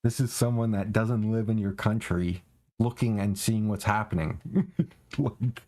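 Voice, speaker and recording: A man's voice: on the low side, steady tone, measured pace, mellow. A young man from Canada, a streamer ranting in casual, profane chat while he plays, laughing often.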